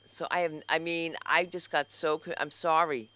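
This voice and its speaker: High, bright-voiced comedy club host. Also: male voice, little pitch movement, no echo. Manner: rapid, jokey, talks straight to the crowd. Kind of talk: stand-up hosting banter.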